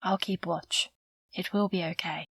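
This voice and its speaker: A woman's voice: medium pitch, fairly even intonation, no room sound, clean studio sound, close to an everyday voice. Woman doing a kindly old bearded woodsman. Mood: gentle. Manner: gentle, unhurried.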